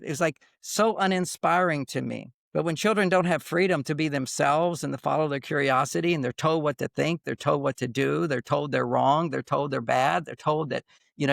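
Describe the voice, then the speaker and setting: A man's voice: a little high, gravelly, fairly bright tone, no room sound, clean studio sound. An older man speaking as a podcast guest, giving relationship advice in an emphatic, rambling way and repeating his points for emphasis. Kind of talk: conversational advice monologue.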